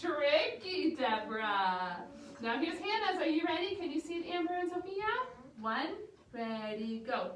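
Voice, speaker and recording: A woman with a high voice teaches children music, cheering them on as she chants rhythm syllables. She sounds far from the mic in an echoey room with clear background noise. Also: big pitch swings, a little slow, a bit bright.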